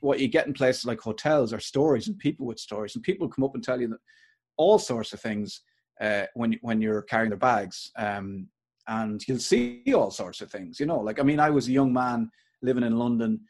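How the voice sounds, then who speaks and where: A man's voice: medium pitch, moderate pace, a little mellow. A middle-aged Irish man and podcaster telling rambling anecdotes in a casual interview. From Ireland. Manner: rambling, anecdotal, with many restarts. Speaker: podcaster and performer.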